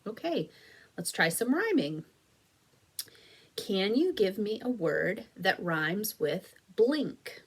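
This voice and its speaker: Slow, patient woman teaching phonics. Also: mid-range voice, sing-song, breathy edge. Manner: slow, stretched-out clapping of syllables; encouraging, patient classroom tone. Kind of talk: recorded phonics lesson for young children.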